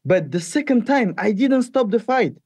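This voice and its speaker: Fighter man, mellow voice, halting. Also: very high-pitched, husky, no room sound. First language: French. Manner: halting, repeats words, animated when retelling. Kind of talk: interview answers.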